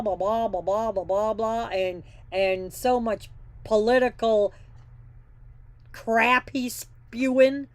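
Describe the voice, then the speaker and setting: A fairly high-voiced woman reads trucking news in a casual way and stops often for blunt, plainspoken opinions. The sound is dry and close, with no room around it. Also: dry recording. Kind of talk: casual news reading with commentary.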